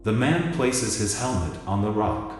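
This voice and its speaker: A man narrating a story in a measured, theatrical reading. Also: lowish voice, big pitch swings. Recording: echoey hall with music behind.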